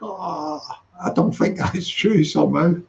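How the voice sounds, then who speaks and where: Chatty male streamer with a high, gravelly voice; teasing, laughs a lot; dull lo-fi sound. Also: unhurried. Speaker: live stream host reading chat. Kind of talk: casual late-night chat.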